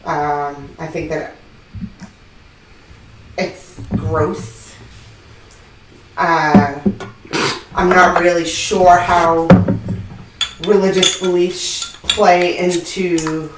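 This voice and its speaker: A woman's voice: on the low side, fairly even intonation, very slow, pauses often. A woman in casual chat as a podcast guest, talking in a dry, hesitant way. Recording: echoey room, distant mic, audible noise.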